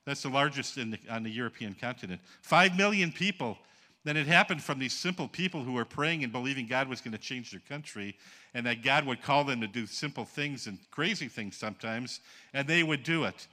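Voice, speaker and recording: Bright-voiced man preaching folksy sermon. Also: medium pitch, expressive, a little fast. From Upper Peninsula of Michigan. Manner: folksy, jokes with the congregation and calls for responses. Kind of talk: sermon with stories.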